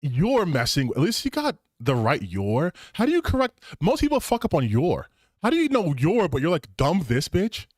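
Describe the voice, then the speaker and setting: A man's voice: fairly high pitch, wildly swooping pitch, moderate pace, a little mellow, no echo. A man in his thirties hosting a gaming stream, giving casual reaction commentary in a sarcastic, laughing manner and swearing freely. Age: 30s.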